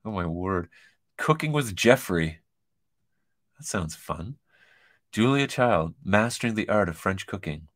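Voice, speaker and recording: A man's voice: sits low, animated, moderate pace, a bit bright. A man hosting a casual kitchen-design show, reading an online quiz aloud and joking through it. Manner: joking, chatty, reads quiz items aloud with asides. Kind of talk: casual commentary over a shared screen.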